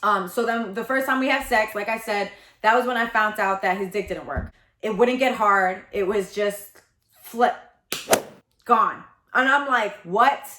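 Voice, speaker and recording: A woman in her thirties telling a candid storytime confession, animated, dramatic and blunt, with lots of profanity. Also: mid-range voice, measured pace, echoey room. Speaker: storytelling vlogger.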